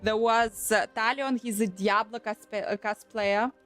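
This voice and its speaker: A young woman chatting casually on a live stream, animated and swearing often as she restarts her sentences. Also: a little high, measured pace. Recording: faint background music.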